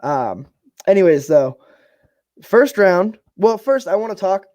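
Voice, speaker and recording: A man's voice: high-pitched, very animated, takes it slowly, darkish tone, no room sound. Laid-back young man, dry close sound. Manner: rambling, laid-back, swears casually. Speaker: podcast co-host. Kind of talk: casual fight-talk chat.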